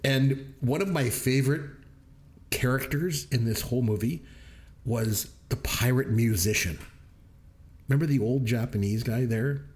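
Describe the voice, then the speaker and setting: A man's voice: medium pitch, unhurried, a little mellow. Chuckling man retelling movie scenes. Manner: laughs often while retelling scenes. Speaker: podcast co-host. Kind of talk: casual movie review chat.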